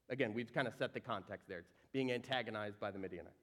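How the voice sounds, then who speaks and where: A man preaching a sermon, reading scripture aloud and acting out the characters with sudden jumps in pitch and volume. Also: fast talker, hardly any pauses. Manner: animated, acts out quoted voices with big swings in pitch and volume. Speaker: pastor.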